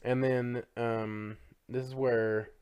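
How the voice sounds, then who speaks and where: A man's voice: medium pitch, level tone, takes it slowly, a little mellow, clear, resonant tone. A man co-hosting a podcast, casually retelling a film's plot with lots of fillers. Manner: rambling, filler-heavy retelling. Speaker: podcast co-host. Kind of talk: casual film recap chat.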